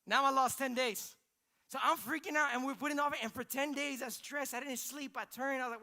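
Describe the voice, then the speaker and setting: A pastor preaches in a very high, bright and forceful voice. He tells his story in an animated way and often breaks into exclamations. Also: fairly quick. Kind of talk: sermon.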